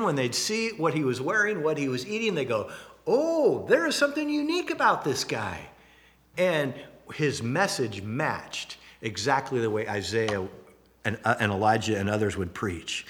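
Male pastor, middle-aged, sermon, animated storytelling, wide-ranging pitch, slightly high voice. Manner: animated storytelling with humorous asides.

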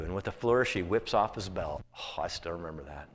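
A man's voice: low voice, animated, a little fast, hardly any pauses, slightly rough. A man pastor telling a story in a sermon, in a folksy, conversational way.

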